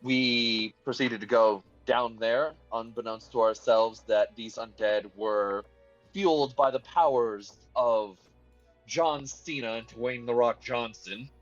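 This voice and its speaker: A man's voice: mid-range voice, takes it slowly, dull audio, faint music behind. A man casually recapping a tabletop game session, rambling with lots of fillers. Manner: rambling, hesitant with many fillers. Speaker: player giving session recap.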